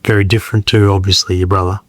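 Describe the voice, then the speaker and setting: A man hosting a podcast who asks soft, tentative questions and gives brief prompts. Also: deep voice, little pitch movement, fast talker, no room sound. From Australia. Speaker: podcast host.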